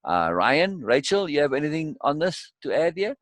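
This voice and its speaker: A man hosting a live group discussion, eager and quick to chime in with agreement. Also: fairly high pitch, big pitch swings, dry recording. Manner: eager, often breaks in with agreement. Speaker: discussion host.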